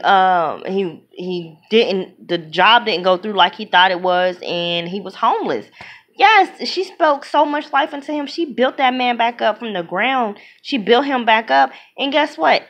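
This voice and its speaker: A woman giving an opinionated movie review in casual talk, emphatic and animated, often acting out what other people say. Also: on the high side, unhurried. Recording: dull lo-fi sound.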